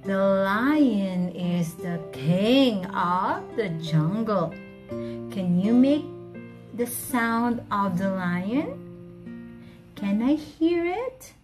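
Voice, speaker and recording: A woman teacher reading a story aloud to children, asking them questions in a coaxing, animated way. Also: medium pitch, drawn-out words, music in the background.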